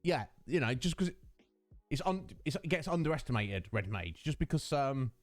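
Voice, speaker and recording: A man's voice: medium pitch, sing-song, normal speed, no room sound. A man, chatting casually with his livestream viewers, greeting them by name and laughing often. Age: 30s. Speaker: streamer.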